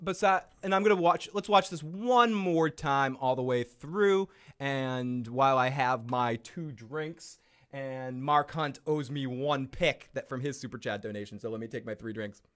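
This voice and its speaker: A man's voice: mid-range voice, measured pace, a bit bright. A man hosting a video show, giving casual, profane, joking reaction commentary and laughing often. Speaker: YouTube show host.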